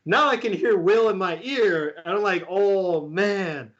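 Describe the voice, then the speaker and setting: A man, a guest, telling a story in a casual, excitable way and laughing often. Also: high-pitched, normal speed, dull audio. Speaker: guest beatboxer.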